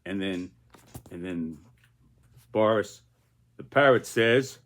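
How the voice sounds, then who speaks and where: A man's voice: deep voice, takes it slowly, fairly bright tone. An older man chatting casually on camera about his political cartoon. He rambles and keeps restarting his phrases over and over. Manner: rambling, many repeated restarts. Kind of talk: casual video commentary.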